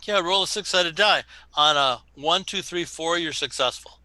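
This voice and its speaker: Bright-voiced man running a tabletop game. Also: fairly high pitch, normal speed. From Wisconsin. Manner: jokey, laughs often. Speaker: dungeon master.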